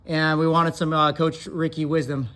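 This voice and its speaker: A man with a slightly high voice calls across the room in an upbeat tone, asking the coach to share some wisdom with the boys. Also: little pitch movement, moderate pace, a bit bright. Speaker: team member hosting the coach.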